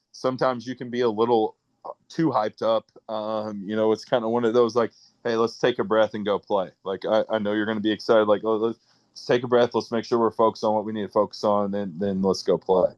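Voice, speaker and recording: A high school football coach with a low, even voice and a Midwestern American accent. He answers radio interview questions haltingly, full of fillers and restarts, on a dry, close mic. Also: no echo.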